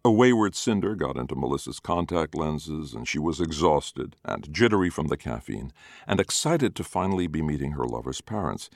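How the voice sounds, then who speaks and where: A very deep male voice tells the story with wry humor, swinging widely in pitch. He sounds close and dry, with no room around him. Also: normal speed, gravelly, no room sound. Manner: wry, expressive. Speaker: narrator. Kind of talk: storytelling narration.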